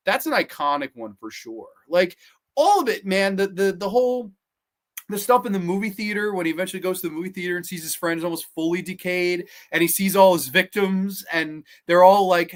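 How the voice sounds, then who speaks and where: A man in his thirties hosting a horror movie podcast, chatting casually on a livestream and reading viewer comments in an enthusiastic, rambling way. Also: high-pitched. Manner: enthusiastic, rambling, repeats words, swears casually.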